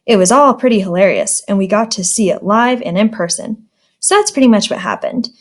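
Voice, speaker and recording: A woman's voice: medium pitch, lively intonation, fairly quick. A woman teacher reading a children's storybook aloud in a friendly, plain manner.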